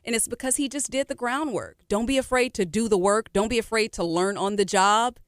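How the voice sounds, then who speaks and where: A woman R&B singer, a guest in a casual radio interview, who talks in an animated, encouraging way with frequent fillers. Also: fairly high pitch, a little fast, no room sound, clean studio sound. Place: radio studio.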